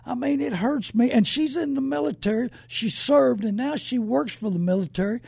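Guy on talk radio, high gravelly voice, rambling and folksy, gets loud. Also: moderate pace, dry recording, studio quality. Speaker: radio show host.

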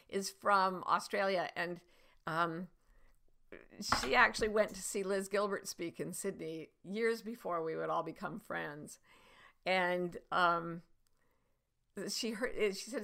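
A woman's voice: fairly low pitch, gravelly, pushed and bright. A middle-aged woman hosting a podcast, telling stories and giving advice in a chatty, storytelling way with many fillers. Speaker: podcast host. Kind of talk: casual spoken coaching talk.

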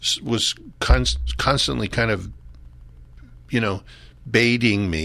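An older man from Philadelphia, a pastor telling his life story in a relaxed, chuckling, rambling way during a radio interview. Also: medium pitch, takes it slowly, gravelly, dry recording.

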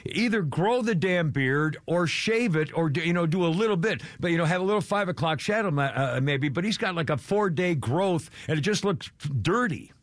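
A man's voice: a little high, animated, normal speed, few pauses, no echo, clean studio sound. Rambling older male radio host. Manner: rambling, self-deprecating, exasperated asides. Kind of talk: casual radio chat.

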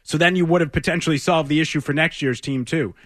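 Fast, bright-voiced male radio co-host. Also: a little high, dry recording, studio quality. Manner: emphatic, argumentative. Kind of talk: sports talk radio debate.

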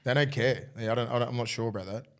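Australian bloke, podcast co-host, lively yarn-spinner who swears a lot and does the voices in his stories. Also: mid-range voice, very fast. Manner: animated storyteller, swears freely, acts out quotes. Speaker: co-host, former rugby league player. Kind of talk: casual podcast chat.

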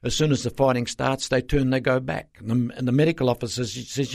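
A man's voice: medium pitch, steady tone, quick pace, vocal fry, hardly any pauses, darkish tone, dry recording, studio quality. An older man, a pastor telling stories earnestly as an interview guest, rambling with fillers.

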